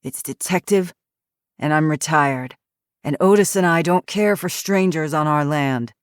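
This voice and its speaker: Hoarse old yooper detective guy, grumpy and curt, booming a bit, narrator lady putting him on. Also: measured pace, dry recording, studio quality, lightly acted. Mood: gruff. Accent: Yooper (Upper Michigan). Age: 60s. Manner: gruff, curt, suspicious. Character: grumpy retired male detective in his sixties.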